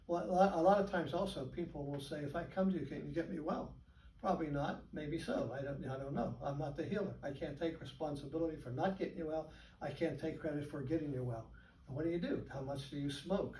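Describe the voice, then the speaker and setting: Older male speaker, raised pitch, distant mic in a reverberant room, chatty storyteller. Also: fast talker, slight background noise. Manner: storytelling, chuckling, animated. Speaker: guest speaker. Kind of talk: informal talk to colleagues. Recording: echoey room, from far off.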